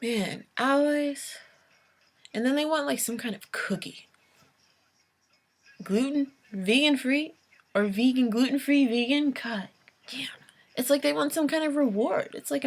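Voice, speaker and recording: A woman's voice: sits high, expressive, brisk. Exasperated young woman ranting to camera. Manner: exasperated, ranting, with sighs and whispered asides. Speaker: vlogger. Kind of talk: late-night vlog rant.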